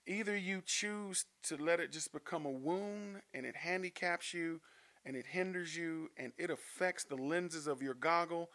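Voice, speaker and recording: A man in his fifties from Denver, a podcast guest telling personal stories with frequent laughs. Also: on the high side. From Denver, Colorado, USA. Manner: animated storyteller, laughs often. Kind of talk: podcast storytelling.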